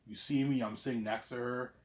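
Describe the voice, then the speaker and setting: A vlogger rambles through a monologue to his audience, boastful and repetitive, tagging his lines with "obviously." His medium-pitched voice is brisk and steady in tone, dropping from loud claims to mumbled asides.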